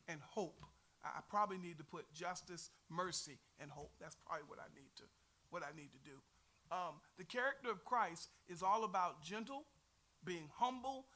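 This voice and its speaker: Texan Bible teacher, middle-aged man, high bright voice, folksy and earnest, teases the class.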